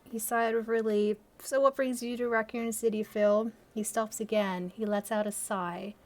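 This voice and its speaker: A young woman with a somewhat high voice reads her own old story aloud. She keeps breaking off to mock it with sarcastic, self-deprecating commentary and frequent laughter. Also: fairly even intonation, normal speed, a little mellow. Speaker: channel host reading her teenage fan fiction aloud.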